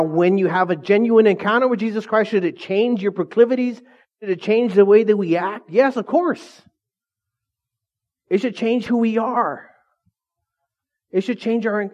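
A man preaching a sermon as pastor, casual and energetic, full of questions to the congregation. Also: sits high, muffled recording.

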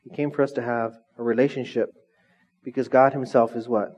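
Man, pastor, conversational sermon, mid-pitched voice, slightly dull lo-fi recording. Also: a little fast. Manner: conversational, lively, asks the audience questions. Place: church hall with congregation.

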